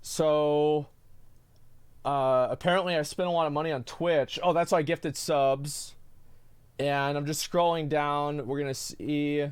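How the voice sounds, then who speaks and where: A man's voice: on the high side, fairly even intonation, unhurried, clear, resonant tone, dry recording. A man streaming casually, reacting to a video with exasperated rants and many restarts. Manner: exasperated, ranting, lots of restarts.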